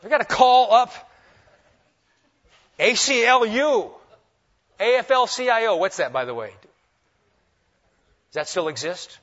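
A man preaching a sermon, swinging between loud emphasis and hushed, humorous asides. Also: very high voice, animated, a little slow, pauses often. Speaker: pastor. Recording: dull lo-fi recording.

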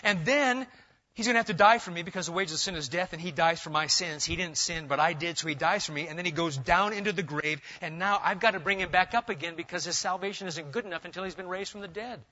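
A pastor with a high, bright voice preaches a sermon fast, rising into loud, emphatic stretches and dropping to quiet asides. The recording sounds dull and lo-fi.

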